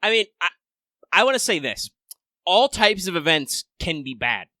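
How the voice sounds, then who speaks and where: Bright, punchy podcast guy. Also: high voice, sing-song, no echo, studio quality. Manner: rambling, swears freely, quick asides. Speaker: podcast co-host. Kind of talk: casual gaming podcast chat.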